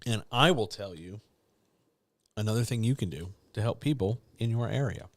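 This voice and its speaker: A man's voice: fairly low pitch, normal speed, no room sound. A middle-aged man, a writing coach, talking candidly and ramblingly to viewers in a casual live chat. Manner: candid, rambling, self-deprecating.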